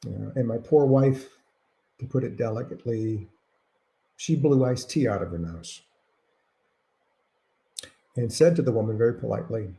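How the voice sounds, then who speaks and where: A man's voice: mid-range voice, normal speed, vocal fry, long pauses, dark tone. A man, an author, answering reader questions over a video call from home, telling stories casually with wry, self-deprecating humor. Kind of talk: casual anecdotal storytelling. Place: at home during lockdown.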